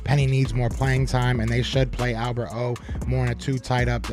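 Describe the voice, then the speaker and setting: A man hosting a live sports podcast, reading chat comments aloud and answering them with animated trash talk. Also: medium pitch, fairly quick, hardly any pauses, faint music behind.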